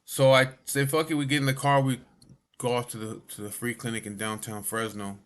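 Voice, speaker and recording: A man's voice: medium pitch, little pitch movement, brisk, smooth. A man telling a personal story in a casual, profane way, full of swearing and filler asides.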